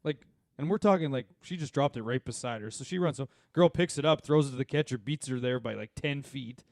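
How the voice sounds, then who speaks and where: A man, co-hosting a podcast and telling animated, rambling stories full of fillers and asides. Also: mid-range voice, fairly quick, dry recording, studio quality. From Saskatchewan, Canada. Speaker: podcast co-host. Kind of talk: casual chat.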